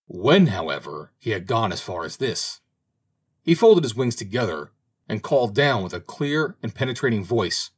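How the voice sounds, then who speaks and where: A man reading a fairy tale aloud as an audiobook narrator, in an expressive, dramatic way. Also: on the low side, normal speed, husky. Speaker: audiobook reader. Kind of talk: storybook narration.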